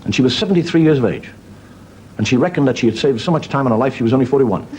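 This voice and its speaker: A man's voice: mid-range voice, lively intonation, very fast, heavy background noise. A man, a wry comedian telling jokes and stories. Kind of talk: stand-up storytelling.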